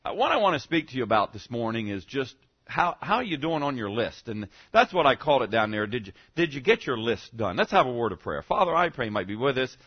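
A man's voice: mid-range voice, big pitch swings, a little fast, few pauses, slightly rough, highs cut off. A male pastor giving a rambling, conversational sermon, full of rhetorical questions and repeated "okay?" checks with the congregation. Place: church service.

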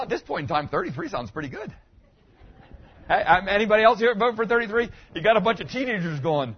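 A man's voice: high voice, sing-song, normal speed, long pauses, muffled recording, a little hiss or hum. A middle-aged man, a pastor, preaching a sermon in a conversational way, asking the congregation questions as he goes.

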